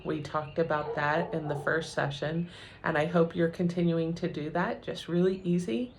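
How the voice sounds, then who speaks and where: A middle-aged woman counselor giving a calm, encouraging educational talk, with frequent ums and "right?" check-ins. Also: on the low side, noisy background.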